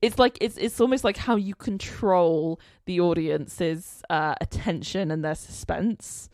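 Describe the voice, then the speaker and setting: Animated woman podcast co-host. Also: fairly low pitch, a little slow, dry recording, studio quality. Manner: animated, acts out scenes with loud exclamations. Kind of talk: casual chat.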